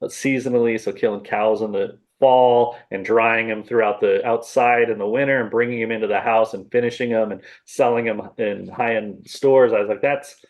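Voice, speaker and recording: A man's voice: lowish voice, moderate pace, few pauses. Middle-aged man telling stories with a chuckle. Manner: animated storyteller who acts out his own remarks, laughs often. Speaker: podcast guest, salami maker. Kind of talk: casual storytelling interview.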